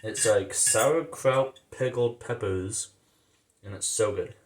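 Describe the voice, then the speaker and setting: A man's voice: fairly low pitch, takes it slowly. A man hosting a casual cooking vlog in his home kitchen, rambling, slangy and amused at himself. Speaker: cooking vlogger. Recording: echoey room, faint noise.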